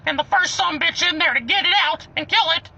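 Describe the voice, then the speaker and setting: A squeaky cartoon mouse, cussing. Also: male voice, fairly quick, vocal fry, pushed and bright, dull audio, full character voice. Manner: high falsetto, giggly, cursing. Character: squeaky cartoon mouse man, brash host.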